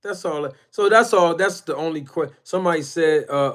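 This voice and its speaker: A man's voice: fairly high pitch, normal speed. Talkative man hosting a live stream. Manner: conversational, shouts out chat viewers, rambling and emphatic. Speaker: boxing YouTube channel host. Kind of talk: casual live-stream chat.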